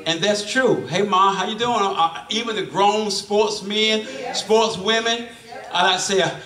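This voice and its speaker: A man's voice: sits high, a little slow, bright, forceful tone, distant mic. A middle-aged man preaching a sermon in a church, folksy and repetitive, often restarting his phrases. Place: church sanctuary. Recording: echoey church room from afar.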